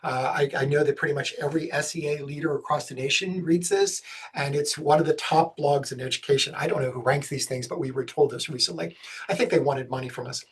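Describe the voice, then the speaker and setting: A man from the States, giving a webinar presentation on special education law in a fast, energetic way with jokey asides. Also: on the high side, breathy edge. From Southern United States.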